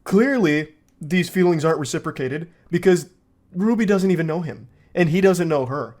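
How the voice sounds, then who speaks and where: A man with a slightly higher voice narrates a commentary video. He reads messages aloud in an even, measured way and then adds dry remarks of his own. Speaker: video narrator reading texts.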